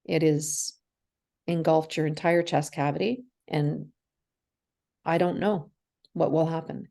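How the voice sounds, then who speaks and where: A woman in her forties speaks in a low, gravelly voice, telling a personal story as an interview guest. She is candid, acts out the dialogue, and laughs through the hard parts. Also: fairly even intonation, slow pace, mellow. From Canada.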